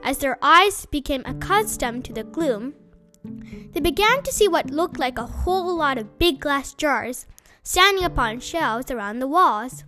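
A woman reading a children's story aloud as a storyteller, slow and expressive. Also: high-pitched, soft background music.

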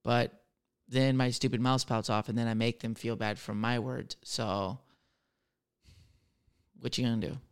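A man's voice: medium pitch, little pitch movement, moderate pace, clean tone. A man in his thirties chatting casually on his own, sarcastic and crude, mocking himself as he tells stories. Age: 30s. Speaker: server, solo podcaster. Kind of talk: casual solo chat answering question cards.

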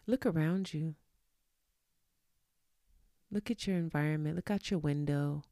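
A woman's voice: sits low, unhurried, warm tone, no echo, studio quality. A woman talking at home, giving a motivational gratitude talk, repeating affirmations with chatty asides. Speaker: vlogger. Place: room at home.

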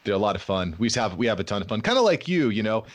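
A man in his thirties talking as a guest on a casual podcast interview, upbeat and energetic, laughing easily. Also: fairly low pitch, racing.

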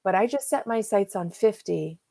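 A woman's voice: mid-range voice, moderate pace, gravelly. A woman in her fifties, an interview guest, telling a personal story with emotion and acting out what people said to her. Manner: emotional, animated retelling with acted-out quotes.

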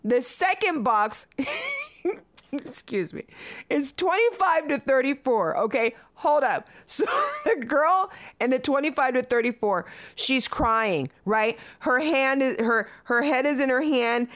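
A woman's voice: high voice, expressive, unhurried, fairly bright tone. A woman in her late thirties giving casual commentary as a vlogger, blunt and profane, often breaking into laughter between remarks. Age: late 30s.

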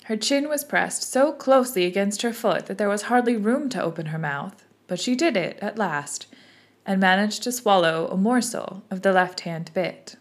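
Woman, narrator, storybook reading, measured, even, mid pitch.

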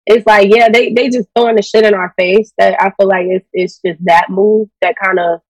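A woman co-hosting a casual chat show, giving her opinions in a relaxed, conversational way. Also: medium pitch, normal speed, no room sound, recorded from a distance, rough recording. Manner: relaxed, opinionated, says "you know" often. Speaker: podcast co-host.

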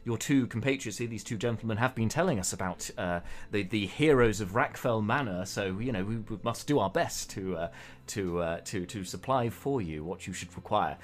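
A man's voice: fairly low pitch, normal speed, lightly acted. A man voicing a redheaded woman barmaid who runs the inn, polite, flustered and stammering. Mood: apologetic cheerful.

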